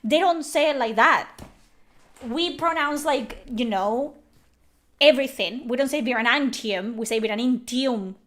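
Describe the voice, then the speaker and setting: A Spanish-speaking woman from the Canary Islands with a Canary Islands Spanish accent, giving animated, opinionated commentary while streaming a video game. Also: on the high side, measured pace.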